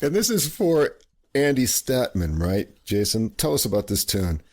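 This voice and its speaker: A man's voice: mid-range voice, very animated, normal speed, darkish tone. A man hosting a music podcast, interviewing band members in a casual, friendly way. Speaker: podcast host.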